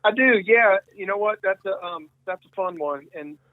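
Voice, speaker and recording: Male interview guest, rambling storyteller, dry phone-line audio, slightly higher voice. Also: moderate pace, no echo. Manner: rambling, many restarts and quoted dialogue. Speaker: guest musician.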